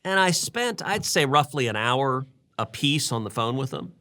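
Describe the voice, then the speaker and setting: A man talks politics on a podcast in a bright, forceful voice at a middle pitch. He speaks earnestly and repeats words as he works up to his point. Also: big pitch swings, moderate pace. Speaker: podcast co-host, senator. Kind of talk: casual political talk.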